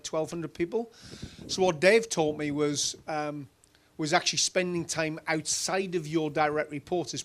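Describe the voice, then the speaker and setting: Middle-aged Geordie man, keynote speaker; chatty storyteller, voice a touch high. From Newcastle, England. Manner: chatty, animated anecdotes with many fillers. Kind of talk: conference stage Q&A, storytelling.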